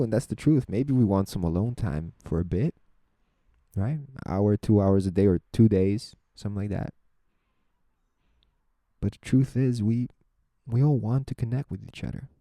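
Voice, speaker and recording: A young man talks through his thoughts on his own podcast, asking himself question after question and restarting his phrases as he goes. His voice is deeply dark and mellow, and the recording is dry with no room sound. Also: unhurried, pauses often, no room sound. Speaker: podcast host. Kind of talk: reflective solo monologue.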